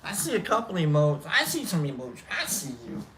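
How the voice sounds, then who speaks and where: A man's voice: high-pitched, wildly swooping pitch, fairly quick, background noise. A man hosting a casual livestream, chatting in a rambling, self-correcting way. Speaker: livestream host.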